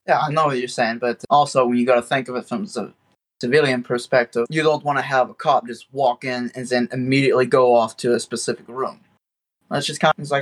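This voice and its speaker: An easygoing man talks through his plans as a player at a tabletop game. His voice is at a middle pitch. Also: fairly even intonation, a little fast. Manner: reasoned, easygoing.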